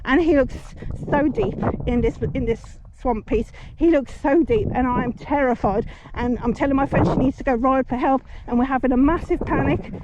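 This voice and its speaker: A woman in her forties, chatting casually while riding her horse on a busy road, soothing the horse and thanking passing drivers. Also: high-pitched. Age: 40s. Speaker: horse rider vlogger. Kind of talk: casual story-time chat while riding. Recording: muffled outdoor recording, traffic noise. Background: passing traffic.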